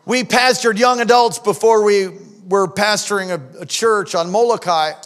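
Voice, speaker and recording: A middle-aged male pastor preaching a sermon, telling stories emphatically and swinging from hushed tones to shouts. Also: high voice, normal speed, smooth. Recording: long hall reverb.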